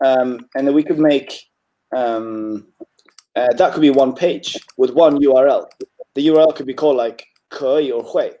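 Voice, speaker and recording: A man with a mellow, dark voice at a middle pitch, tutoring a student one on one. He talks in a relaxed, encouraging way, often clearing his throat and filling pauses with ums. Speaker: Chinese tutor. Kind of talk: online tutoring session.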